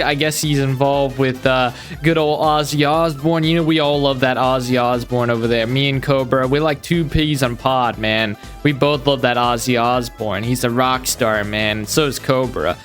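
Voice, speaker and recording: A man's voice: mid-range voice, a bit bright. A man hosting a reaction commentary, rambling along in a sarcastic, mock-admiring tone and calling his audience friends and folks. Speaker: commentary channel host.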